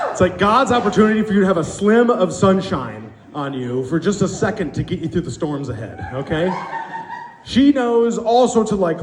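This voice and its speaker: Male stand-up comic, slightly high voice, lively storyteller, echoey club. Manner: animated storytelling with acted quotes. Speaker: stand-up comedian. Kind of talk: stand-up comedy set. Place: comedy club stage. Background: audience laughter.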